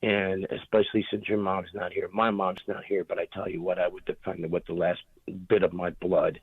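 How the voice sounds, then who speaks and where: A man's voice: sits low, little pitch movement, a little fast, slightly rough, no room sound. A man calling in to a talk radio show, emphatic and heated in his support. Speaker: caller. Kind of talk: call-in comment. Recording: muffled phone line.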